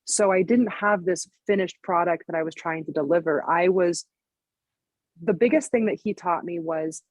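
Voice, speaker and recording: A woman's voice: on the low side, a little mellow, no echo. A woman in her thirties, a fitness coach and business owner, talking casually as a podcast guest and filling her speech with "like" and "you know". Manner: chatty, lots of "like" and "you know", quick laughs.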